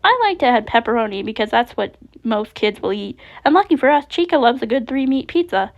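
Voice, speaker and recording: A woman's voice: fairly high pitch, expressive, fairly quick. A woman voicing a cheerful, caring animatronic caretaker who rambles eagerly. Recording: dull lo-fi recording.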